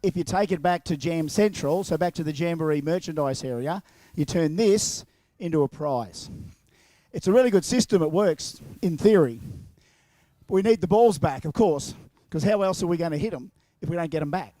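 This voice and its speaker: A man's voice: fairly high pitch, lively intonation, normal speed, mellow, no room sound. An Australian man announcing live at an outdoor event over a handheld microphone, chatty and jokey as he calls out to the crowd. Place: outdoors at a racetrack. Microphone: handheld microphone and horn speaker.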